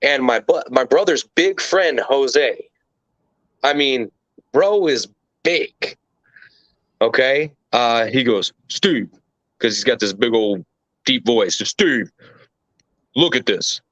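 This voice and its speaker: A man's voice: medium pitch, slow pace, pauses often, a bit bright, dry recording. A man being interviewed, telling a story casually and animatedly, with plenty of swearing and rambling asides. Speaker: interview guest. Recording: dull lo-fi dry recording.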